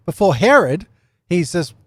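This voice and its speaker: A man's voice: sits high, big pitch swings, a little slow, no room sound. Chatty man giving casual Bible teaching. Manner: chatty, laughs often, asks "right?".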